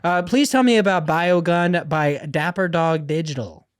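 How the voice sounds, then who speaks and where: A man's voice: on the high side, normal speed, clear, resonant tone, no echo, clean studio sound. A man co-hosting a podcast in a casual, joking way, often poking fun at himself. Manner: joking, self-mocking. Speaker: podcast co-host.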